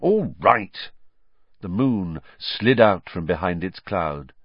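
A man narrating an audiobook in a measured, expressive storytelling manner. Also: low-pitched, no room sound. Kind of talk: scripted narration. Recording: dull lo-fi dry recording.

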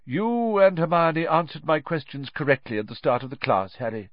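Guy doing a pumped-up teacher yelling students forward, lively and high, kinda muffled. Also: moderate pace, no echo. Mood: pleased. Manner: eager, shouting commands. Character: cheerful male teacher calling out students.

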